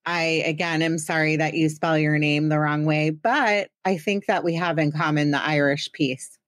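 Chatty, teasing woman podcast host, slightly low voice. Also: fairly even intonation, normal speed, no room sound, clean studio sound. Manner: chatty, self-deprecating, teasing. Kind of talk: casual chat.

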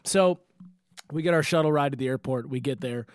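A man's voice: medium pitch, brisk, clear, resonant tone, dry recording, studio quality. A young man hosting a casual podcast, telling a story with lots of swearing and acting out other people's lines. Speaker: podcast host. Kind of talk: casual chat.

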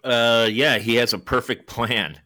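Man, podcast co-host, casual film chat, animated, swears a lot, bright forceful voice. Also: medium pitch, measured pace. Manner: animated, swears freely and acts out scenes.

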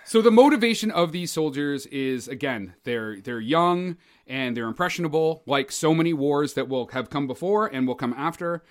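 A man's voice: a little high, lively intonation, normal speed, few pauses. Rambling Canadian podcast co-host, man. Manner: rambling, many fillers and restarts. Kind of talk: casual film discussion.

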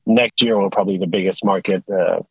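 A man from Sweden, a company executive telling stories casually on a podcast, animated and restarting his sentences often. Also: low-pitched, fast talker, gravelly, breathy edge, dry recording, rough recording. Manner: animated storyteller with frequent restarts. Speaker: guest, tilt rotator company executive. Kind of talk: casual conversational storytelling.

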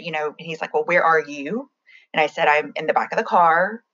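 A young woman telling a personal story in a halting, reflective way, often restarting her sentences. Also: deep voice, fairly bright tone, dull audio.

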